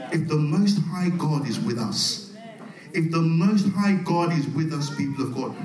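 A man preaching a sermon, calling out to the congregation and swinging between loud, rising passages and soft, quiet ones. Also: mid-range voice. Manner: call-and-response preaching, swelling loud then dropping soft. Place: church. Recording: echoey church hall, mic at a distance.

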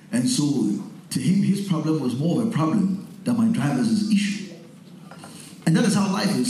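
A male pastor delivering a sermon, telling personal stories and building up to forceful preaching. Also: mid-range voice, slight background noise. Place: church hall. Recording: echoey hall.

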